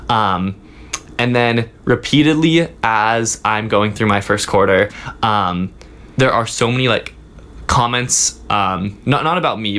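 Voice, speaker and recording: A young man, a student guest in a casual interview, telling a story in a halting way with many fillers. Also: fairly low pitch, fairly bright tone. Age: young adult. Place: office.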